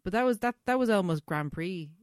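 Woman, podcast co-host, smooth clear voice, dry sound, wry. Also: fairly low pitch, lively intonation, a little fast, no room sound. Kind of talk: casual film chat.

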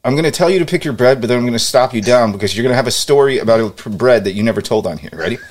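A man with a lively, up-and-down voice runs a quiz in a relaxed podcast chat. He laughs easily as he reads out the choices. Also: mid-range voice, very fast. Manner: laughing, animated quiz-giver. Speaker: podcast co-host. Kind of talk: casual chat.

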